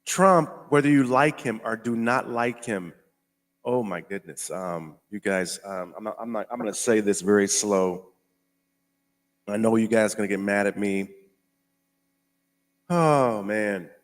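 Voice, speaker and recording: An American man hosting a casual commentary show, talking emphatically, repeating himself and slowing down to stress his points. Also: lowish voice. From United States. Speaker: host.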